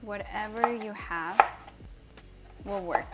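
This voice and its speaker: Slow, chatty woman cooking on stream. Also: medium pitch, very noisy. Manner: chatty, laughs often, greets viewers by name. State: teary from chopping onion. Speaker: livestream cooking host. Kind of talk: casual livestream cooking chat. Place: home kitchen.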